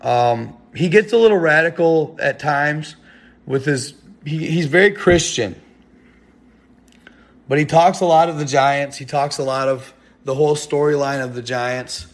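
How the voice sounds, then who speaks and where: A young man talking casually to his viewers on a live stream. His voice sits a touch high for a man, and he rambles in heavy slang, often laughing between thoughts. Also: unhurried.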